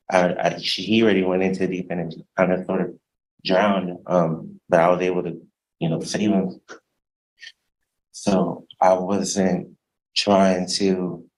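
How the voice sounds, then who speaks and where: A man testifying as a defendant in court, hesitant and soft-spoken, halting over his words. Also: low voice, rough recording.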